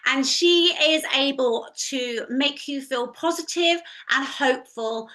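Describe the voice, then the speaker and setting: A woman's voice: sits high, slow, hardly any pauses, bright, forceful tone. A woman speaking as a guest on a talk show panel, gushing and sincere.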